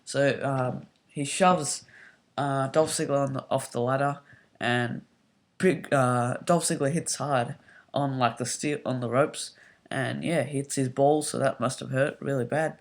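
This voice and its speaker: Casual YouTube reviewer, home mic, rambling and hesitant with plenty of fillers, excitable bursts. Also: mid-range voice, unhurried. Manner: excitable, gets loud when worked up. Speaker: YouTube wrestling show reviewer. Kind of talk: casual spoken show recap.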